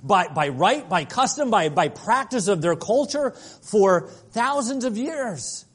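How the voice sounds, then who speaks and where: A man preaching a sermon, earnest and dynamic, shifting between soft passages and emphatic ones. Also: sits high, animated, measured pace, husky. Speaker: pastor.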